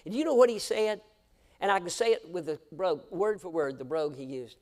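Older preacher guy, high voice, goes quiet then yells, church sermon. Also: brisk. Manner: swings from hushed to shouting. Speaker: pastor. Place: church sanctuary.

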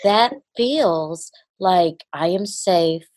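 Woman, podcast host, casual chat, affirming, very low voice, dry close sound. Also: drawn-out words, no room sound. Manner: warm, affirming, many soft backchannels.

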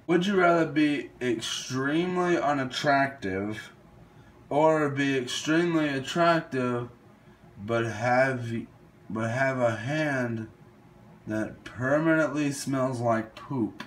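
Slow, hesitant young man thinking aloud. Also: mid-range voice. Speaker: gaming video host. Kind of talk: casual commentary while playing a quiz game.

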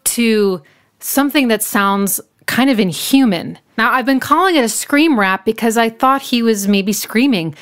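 A woman's voice: fairly high pitch, expressive, unhurried. A woman giving an enthusiastic, casual breakdown of a song, now and then singing short snippets and playing with words. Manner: enthusiastic, playful wordplay, sings snippets. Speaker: music analyst.

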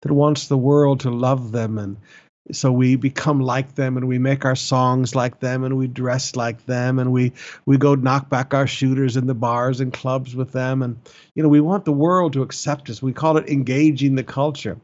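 A male pastor preaching a sermon, emphatic, with repeated phrases and sudden rises in pitch. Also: level tone, normal speed, a little mellow, highs cut off.

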